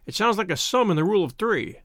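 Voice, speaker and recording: A man voicing a sharp-witted detective in an audiobook, speaking quietly, dryly and precisely. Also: high-pitched, lively intonation, fast talker, no room sound, studio quality. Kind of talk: audiobook character voice.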